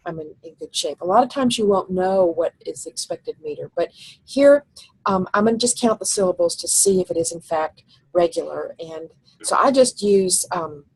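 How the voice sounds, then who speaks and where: Husky-voiced woman teaching from slides. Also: fairly low pitch, lively intonation, moderate pace, poor audio. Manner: explains step by step, thinks aloud with fillers. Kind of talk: recorded slide lecture.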